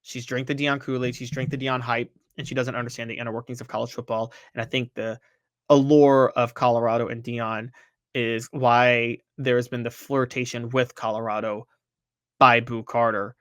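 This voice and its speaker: A man hosting a sports talk show, giving animated, opinionated commentary and reading social media posts aloud. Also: mid-range voice, normal speed, clean tone, dry recording. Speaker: sports podcast host.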